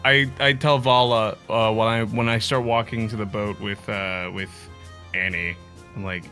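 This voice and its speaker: Hesitant low-voiced man playing a tabletop game. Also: fairly even intonation, sharp tone, soft background music. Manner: hesitant, halting, stumbling restarts. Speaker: player. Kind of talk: casual play chat.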